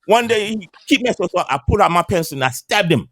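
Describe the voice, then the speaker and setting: A man in his fifties talks in a voice pitched a little high, and his pitch swings widely as he speaks. He tells stories in casual barbershop chat, swearing freely and stumbling over repeated words. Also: racing, dry recording. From Caribbean island. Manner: animated, repeats and restarts words, streetwise swearing. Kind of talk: casual storytelling.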